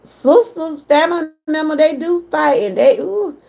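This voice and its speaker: A woman's voice: high voice, a little slow, gravelly, a little mellow. A middle-aged woman with a Southern US accent, chatting casually with viewers on a livestream and getting emotional when she talks about her mother. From Georgia, US. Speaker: livestream host.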